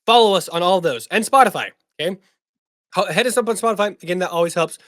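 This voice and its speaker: Guy hosting a chill podcast, kinda high voice, jokey and rambly. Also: fast, fairly bright tone, no room sound, studio quality. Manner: joking, rambling. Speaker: podcast host. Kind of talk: casual podcast chat.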